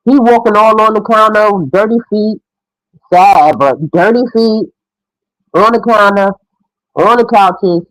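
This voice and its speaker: A woman's voice: medium pitch, unhurried, no room sound, poor audio. A middle-aged woman giving frank, opinionated casual commentary as a mother.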